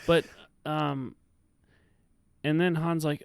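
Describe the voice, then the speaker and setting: A man's voice: mid-range voice, lively intonation, a little fast, dry recording, clean studio sound. A man co-hosting a podcast, chatting casually through a film scene and acting out the characters' lines. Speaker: podcast co-host. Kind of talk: casual film breakdown chat.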